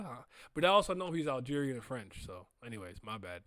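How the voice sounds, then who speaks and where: A man hosting a casual manga reading reaction, excitable, laughing often and breaking into loud trash talk. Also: a little high, a little fast, few pauses, dry recording, studio quality.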